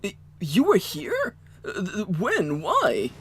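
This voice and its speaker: A man's voice: high voice, wildly swooping pitch, slow pace, fairly bright tone, slight background noise, pitched above the performer's own voice, heavily acted. A man voicing a jumpy, impatient young man who stammers out pushy questions, reading a visual novel aloud. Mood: alarmed.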